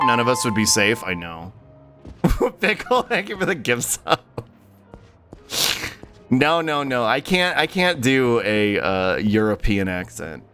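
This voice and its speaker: A young man chats with viewers while casually streaming a game, laughing and swearing as he plays. His voice is medium in pitch with a fairly bright tone.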